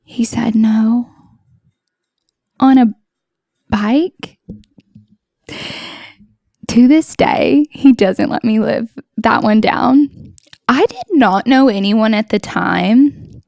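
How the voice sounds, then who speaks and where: A woman's voice: a little high, takes it slowly, gravelly, a little mellow, no echo, studio quality. A young woman hosting a podcast, telling a personal story in a chatty way, laughing and acting out bits of dialogue. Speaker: podcast host. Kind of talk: casual story-time chat.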